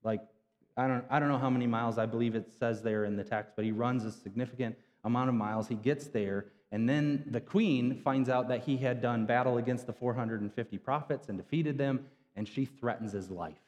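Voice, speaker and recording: Male pastor, mid-range voice, relaxed slangy storytelling sermon, hall reverb. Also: mid-range voice, brisk, dull audio. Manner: casual, retells scripture in everyday slang. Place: church sanctuary.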